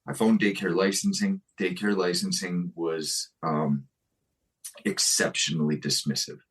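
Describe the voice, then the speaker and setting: A man's voice: sits low, little pitch movement, fairly bright tone, husky. A man who is a guest on a podcast, speaking bluntly in casual conversation and often restarting his sentences. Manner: blunt, halting with many restarts.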